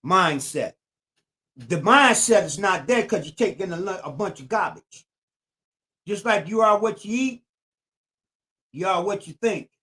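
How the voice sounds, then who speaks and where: A man's voice: sits high, expressive, measured pace, long pauses, sharp tone. Older man preaching in AAVE. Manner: preachy, repetitive, emphatic. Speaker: YouTube channel host. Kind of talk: streetwise commentary monologue.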